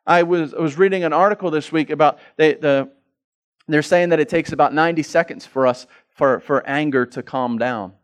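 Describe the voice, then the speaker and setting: High-voiced pastor preaching with rising passion. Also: male voice, normal speed. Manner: swings from quiet reflection to loud, rising passion; acts out inner voices and prayers. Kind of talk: sermon.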